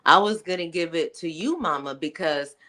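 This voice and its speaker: Lady guest on a stream, super bright tone, animated, talks fast. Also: on the low side. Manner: animated, quick storyteller. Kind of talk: casual livestream chat.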